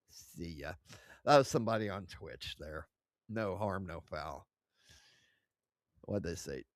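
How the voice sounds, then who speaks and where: A man hosting a livestream reads chat aloud and mocks it, swearing and laughing often, sitting close to his desk mic. His voice is on the low side with a fairly bright tone, and the recording is dry.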